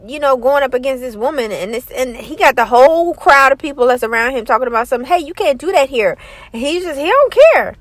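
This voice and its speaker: A woman's voice: high-pitched, a bit bright, no room sound. A woman vlogger giving casual opinion commentary in a light, scratchy voice. She talks emphatically and acts out other people's lines.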